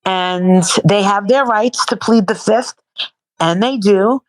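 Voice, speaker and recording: A woman's voice: mid-range voice, unhurried, dry recording, rough recording. A woman being interviewed in casual chat, talking bluntly and profanely and repeating herself in bursts. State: sore and worn out from protesting. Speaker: interview guest.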